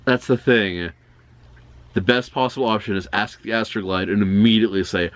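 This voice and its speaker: Casual co-host, man, lowish voice, deadpan quips. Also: fairly quick. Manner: dry, joking remarks. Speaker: podcast co-host. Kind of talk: casual chat.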